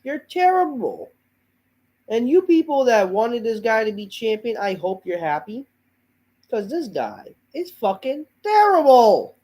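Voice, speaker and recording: A man's voice: very high voice, big pitch swings, unhurried, mellow, rough recording. Fed-up male host, under the weather, profane and sighing through his rant. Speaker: host of a wrestling review show. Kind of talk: ranting show review.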